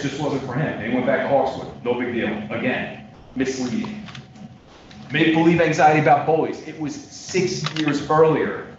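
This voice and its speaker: Defense lawyer guy doing closing args, far off mic, super echoey courtroom, muffled and noisy. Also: mid-range voice. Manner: emphatic, repeats points for the jury, swings between loud stresses and quiet asides. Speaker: defense attorney. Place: large courtroom. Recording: distant, echoey courtroom audio, dull lo-fi with noise.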